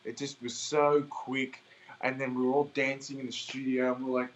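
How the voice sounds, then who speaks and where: A man's voice: mid-range voice, level tone, slight background noise. Upbeat young Australian man. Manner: upbeat, chatty, quick to laugh. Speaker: singer, interview guest. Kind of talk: casual interview chat. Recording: slightly dull recording, faint ambience.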